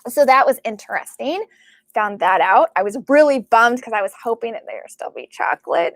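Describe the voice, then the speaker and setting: A woman working as a psychic medium, talking casually and excitedly to her viewers, full of fillers and "like". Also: a little high, a little fast, no room sound. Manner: chatty and excitable, many fillers and likes. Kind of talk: casual spiritual talk to camera.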